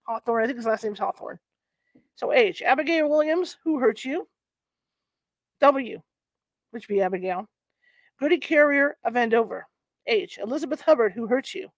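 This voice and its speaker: Lady host reading an old book out loud, slightly high voice, chatty asides, trips over old words, dry close sound. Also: animated, dry recording. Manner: chatty asides between halting read-aloud passages. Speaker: host of a paranormal reading channel. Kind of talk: reading a historical book aloud.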